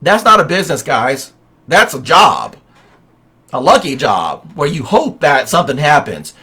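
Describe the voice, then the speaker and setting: Animated, preachy male sales coach. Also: on the high side, unhurried, slightly rough. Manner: energetic, preachy, with rhetorical questions. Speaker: real estate coach. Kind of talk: motivational livestream talk.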